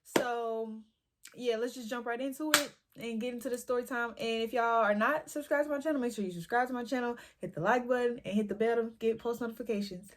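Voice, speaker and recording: A woman's voice: fairly high pitch, fairly quick, a little hiss or hum. A young woman, chatting casually and animatedly as she tells a story-time vlog. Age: young adult. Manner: chatty, slangy, animated retelling. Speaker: YouTuber.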